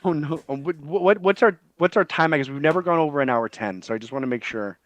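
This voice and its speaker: Male podcast host, casual and excitable, slightly high voice in a dry, close recording. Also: quick pace, no room sound, muffled recording. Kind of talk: casual comedic chat, reading news aloud.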